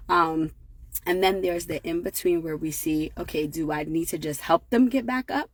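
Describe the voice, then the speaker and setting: A woman's voice: lowish voice, moderate pace, no echo. A woman in her thirties giving a conversational motivational talk to parents, often checking in with "right?". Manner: conversational, many fillers and tag questions. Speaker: parenting educator.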